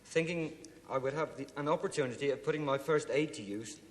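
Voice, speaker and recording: A man from Cornwall, a game show contestant reading his prepared card aloud in a steady way. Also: on the high side, fast. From Cornwall, England. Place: television studio. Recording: reverberant TV studio.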